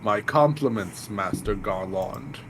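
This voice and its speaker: A man's voice: fairly low pitch, slow, fairly bright tone, slight background noise, voice pushed down. A man voicing a formal, stiff male official, reading game dialogue aloud on a stream. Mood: solemn. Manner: formal, stately delivery.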